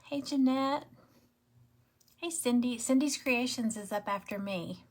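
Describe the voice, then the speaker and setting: A woman's voice: a little high, a little slow. A middle-aged woman with a Southern US accent, chatting in a rambling way while she crafts live and greets viewers by name. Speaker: craft livestream host. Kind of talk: casual livestream chat while crafting.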